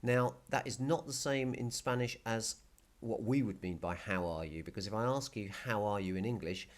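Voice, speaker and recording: A male Spanish teacher explaining a recorded video lesson patiently, repeating key words slowly. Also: fairly low pitch.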